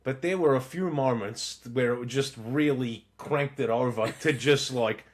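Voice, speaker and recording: A man's voice: medium pitch, slow pace. A man, co-hosting a podcast and telling stories in casual chat, swearing freely. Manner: animated storyteller, swears freely. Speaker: podcast co-host.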